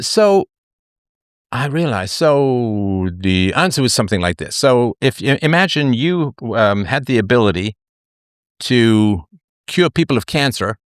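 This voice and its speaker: A man's voice: lowish voice, dry recording. A middle-aged man hosting a live talk show, musing aloud in a jokey way, full of fillers and restarts. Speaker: host.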